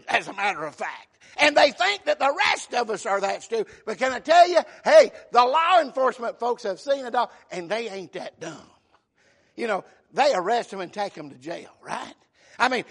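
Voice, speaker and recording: Preacher guy, real high bright voice, punchy, keeps asking amen. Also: big pitch swings, normal speed, creaky, husky. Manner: emphatic preaching, calls of amen, shouted peaks. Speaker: pastor. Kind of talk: sermon.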